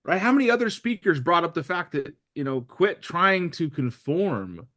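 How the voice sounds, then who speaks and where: A man's voice: on the high side, normal speed. A man hosting a casual group recap, joking and asking the group questions. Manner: lively, joking, asks lots of questions. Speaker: group discussion host.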